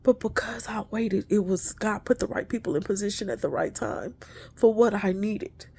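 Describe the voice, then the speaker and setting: Woman, gravelly, mellow tone, emotional uplifting talk, faint rumble behind. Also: normal speed. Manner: earnest, preachy, addresses listeners as y'all. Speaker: inspirational speaker. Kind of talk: spiritual encouragement talk.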